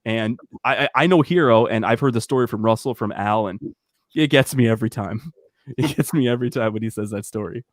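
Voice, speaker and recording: A man's voice: mid-range voice, brisk, no room sound. A man chatting on a casual talk show, telling stories with lots of restarts and asides. His voice is in a middle range and sounds dry and close. He is on a video call. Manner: chatty storyteller, many restarts. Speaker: guest. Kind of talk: casual chat.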